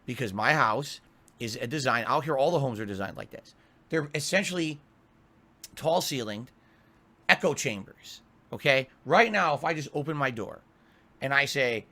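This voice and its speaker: A man's voice: medium pitch, moderate pace. A man streaming from his home office, ranting in a profane, exasperated way. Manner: profane, exasperated, lively complaining.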